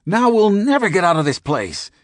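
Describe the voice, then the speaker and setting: A man voicing a panicked, paranoid male companion who yells in a strained, shrill voice. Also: huge pitch swings, takes it slowly, vocal fry, slightly rough, dry recording, studio quality, exaggerated voice. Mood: frantic shouting.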